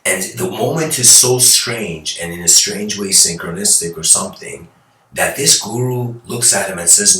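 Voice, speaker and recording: A man giving a spiritual lecture by telling a story, rambling and animated, often restarting and adding "like" and "you know". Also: deep voice, moderate pace. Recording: echoey room, mic at a distance.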